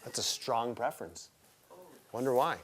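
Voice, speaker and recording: A man's voice: medium pitch, lively intonation, moderate pace. A man teaching a live herbalism class, talking casually and with enthusiasm, and quizzing his students.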